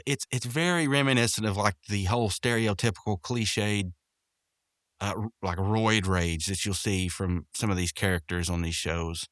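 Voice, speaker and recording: A man's voice: low-pitched, fairly bright tone, no echo, clean studio sound. A man hosting a podcast, casually recapping a cartoon episode, rambling with lots of fillers and restarts. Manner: rambling, full of fillers and restarts, quotes characters in raised voices.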